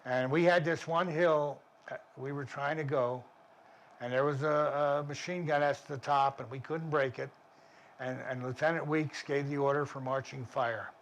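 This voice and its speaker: A man's voice: mid-range voice, fairly even intonation, moderate pace, highs cut off. Older vet guy telling war stories, blunt and vivid, keeps restarting, bit of faint hiss. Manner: vivid, plainspoken, with frequent restarts. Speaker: army veteran interviewee. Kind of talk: war memoir storytelling.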